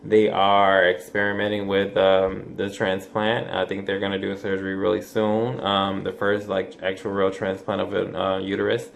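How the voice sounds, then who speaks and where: A man's voice: low voice, monotone, moderate pace, creaky, few pauses. A man in his twenties talking casually to camera in a rambling vlog, with lots of fillers, restarts and swearing. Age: 20s. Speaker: vlogger.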